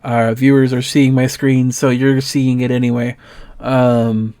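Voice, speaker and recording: Relaxed, rambling tabletop game master. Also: mid-range voice, a little slow, clean tone, dry recording. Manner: relaxed, rambling, many fillers.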